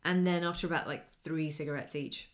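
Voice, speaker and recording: Woman, middle-aged, animated storyteller, slightly low voice. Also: fairly quick. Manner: animated anecdote-telling, acts out quoted voices. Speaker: podcast co-host. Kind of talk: casual chat, storytelling.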